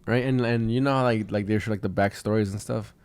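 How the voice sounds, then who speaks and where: A man's voice: on the low side, fairly even intonation, quick pace, a little mellow, no echo. A man in his twenties, co-hosting a podcast as a rambling storyteller full of fillers and swearing. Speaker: podcast co-host. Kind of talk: casual chat.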